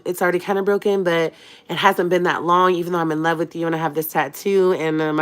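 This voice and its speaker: A young woman from California, a bit sick with a cold, telling a dramatic personal story to her livestream viewers in a chatty, expressive way. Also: fairly low pitch. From Fresno, California. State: has a cold. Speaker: vlogger.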